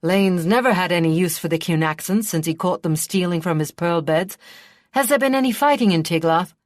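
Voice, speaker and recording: A woman's voice: on the low side, fairly even intonation, normal speed, no echo, studio quality, close to an everyday voice. A woman doing a gleeful, sly warlord father. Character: gleeful, sly middle-aged lord and father.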